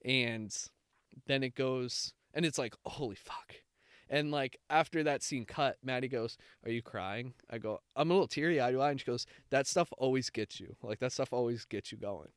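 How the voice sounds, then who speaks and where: A man's voice: medium pitch, moderate pace, clean tone, no room sound, clean studio sound. A young man co-hosting a casual chat, telling a rambling, heartfelt story with many fillers. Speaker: podcast co-host.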